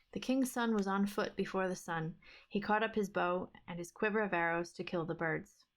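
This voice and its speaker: Woman, middle pitch, reading a fairy tale aloud, steady even delivery. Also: normal speed. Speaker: book club streamer.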